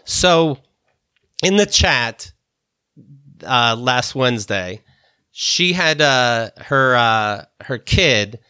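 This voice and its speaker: A man's voice: medium pitch, expressive, very slow, long pauses, bright, forceful tone, smooth, no room sound, studio quality. A man hosting a podcast in casual chat, rambling and swearing freely with many restarts and fillers. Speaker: podcast host.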